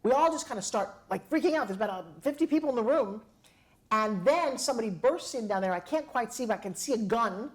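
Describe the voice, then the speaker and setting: A middle-aged woman recounts a personal story with lively, dramatic delivery. She slips into the voices of the people she quotes, and her pitch rises and falls across the telling. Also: fast talker. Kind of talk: animated storytelling.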